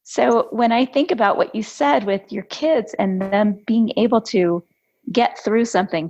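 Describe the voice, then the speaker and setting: A woman's voice: medium pitch, creaky. A woman hosting a podcast interview, a life coach telling stories about her clients in a conversational way. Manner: storytelling, animated when recounting conversations. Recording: dull lo-fi audio.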